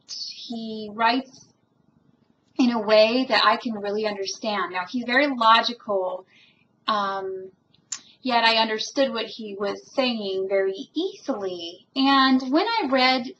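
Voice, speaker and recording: A woman's voice: on the high side, a bit bright, a little hiss or hum. A woman vlogging about her spiritual journey in an earnest, rambling way, full of ums and restarts, openly emotional. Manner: emotional, self-described. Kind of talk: reflective personal monologue. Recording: dull lo-fi home recording.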